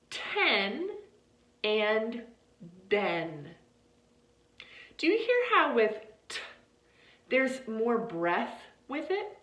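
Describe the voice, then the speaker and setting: A woman teaching English pronunciation, leading repeat-after-me drills of paired words in a slow, deliberate way and often checking in with "okay?". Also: on the high side, fairly bright tone. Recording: roomy, echoey sound.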